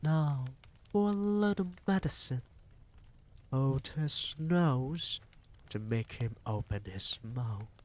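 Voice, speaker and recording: A man's voice: medium pitch, animated, takes it slowly, darkish tone, pitched above the performer's own voice. A man voicing a cruel female witch leader who shrieks orders, in a storybook reading. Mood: gloating. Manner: screeching commands.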